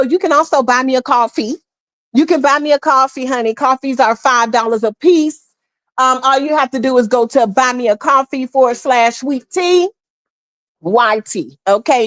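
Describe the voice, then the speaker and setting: Woman host, casual and chatty, a touch higher than usual, dry close mic. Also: fairly bright tone, no echo. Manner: chatty, calls viewers honey and boo. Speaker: live stream host. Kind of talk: casual live chat greeting viewers.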